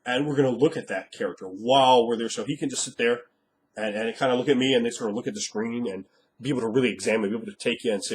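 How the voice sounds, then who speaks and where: A man coaches other game masters in a blunt, emphatic monologue and swears freely to drive his points home. His voice is husky and a little hoarse from a recent cold. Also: mid-range voice, very fast. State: slightly hoarse after a cold. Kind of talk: instructional monologue.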